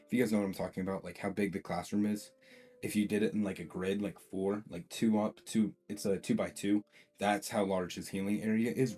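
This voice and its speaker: A lowish, dark-toned male voice hosts a fan-theory video over faint guitar music. He tells a what-if story casually and loosely, rambling with plenty of fillers and frequent restarts.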